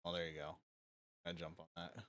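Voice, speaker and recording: A man's voice: sits low, level tone, brisk, a bit bright, no room sound, clean studio sound. Laid-back young man chatting on stream. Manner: loose and rambling, full of "like" fillers, laughing often. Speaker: livestreamer. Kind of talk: casual chat on a live stream.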